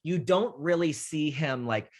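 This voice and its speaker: A young man hosting a casual film chat, rambling and animated, swearing freely and acting out scenes he loves. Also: a little high, a little slow. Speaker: podcast host.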